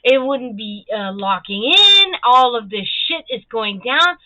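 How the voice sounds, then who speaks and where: A woman's voice: fairly high pitch, measured pace, dry recording. A woman from Serbia, chatting casually on her livestream while she paints, rambling and swearing as she vents. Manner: rambling, heavy swearing, animated venting. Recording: tinny phone-like dry sound.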